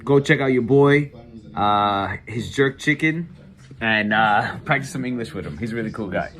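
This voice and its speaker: A man's voice: medium pitch, moderate pace, a loud crowd. A man vlogging and interviewing a stranger on the street, asking questions and laughing often.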